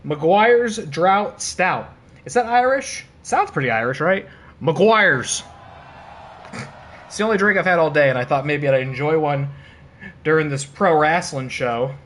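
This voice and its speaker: A man streaming and commentating a wrestling video game, excitable and laughing, with casual swearing and playful trash talk. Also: a little high, a little slow. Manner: excitable, laughing, bursts of disbelief.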